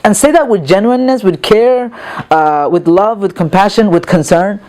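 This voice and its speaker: A man's voice: sits high, normal speed, darkish tone. Earnest man teaching with frequent restarts. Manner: earnest, repeats words, many fillers and restarts. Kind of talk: lecture on calming anger.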